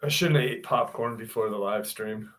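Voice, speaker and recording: A man's voice: on the low side, moderate pace, a bit bright. A man hosting a live stream, chatting casually and greeting viewers one by one in a laid-back way.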